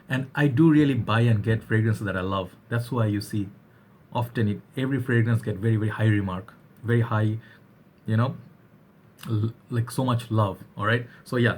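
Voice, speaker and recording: Guy reviewing fragrances, low voice, chatty and upbeat, faint hiss behind. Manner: chatty, energetic, keeps saying "all right". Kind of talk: casual chat to camera.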